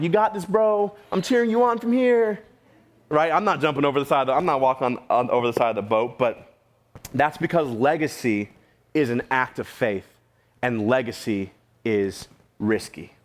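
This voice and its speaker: A man preaching a sermon in a church, casual and conversational, with slang and repeated questions to the room. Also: mid-range voice. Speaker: pastor. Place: church sanctuary.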